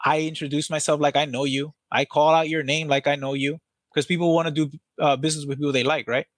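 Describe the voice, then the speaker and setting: Energetic, blunt man with a dry close sound. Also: fairly high pitch, quick pace, no echo. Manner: energetic, blunt, swears casually. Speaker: podcast guest, sales team trainer. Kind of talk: casual podcast interview.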